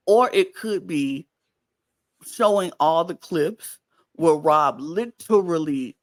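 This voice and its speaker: A woman's voice: deep voice, expressive, slow. A woman co-hosting a casual podcast, recapping a reality show and acting out quotes in raised voices. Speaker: podcast co-host.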